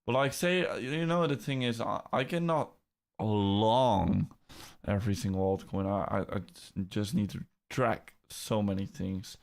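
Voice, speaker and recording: A man's voice: lowish voice, a little slow, vocal fry. A young man with a Dutch accent hosting a casual crypto livestream, reading chat comments and often restarting his sentences. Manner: chatty, repeats words, restarts sentences.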